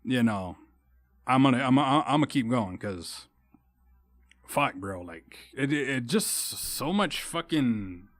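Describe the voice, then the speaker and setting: A man's voice: mid-range voice, animated, takes it slowly, no room sound. A young man from Texas hosting a solo podcast, ranting in a heated, rambling way with constant swearing and restarts. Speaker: podcast host. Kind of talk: casual solo podcast rant.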